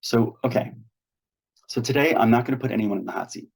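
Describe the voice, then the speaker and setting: A man's voice: medium pitch, brisk, creaky, long pauses, darkish tone, slightly rough. A man hosting a weekly meetup on a video call, coaching earnestly and acting out sample dialogues. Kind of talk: instructional talk on a video call.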